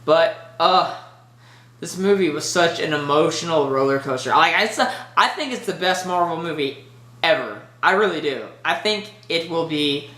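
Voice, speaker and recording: A movie reviewer giving a casual spoiler review, rambling and excitable with lots of filler words. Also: medium pitch, normal speed, roomy sound.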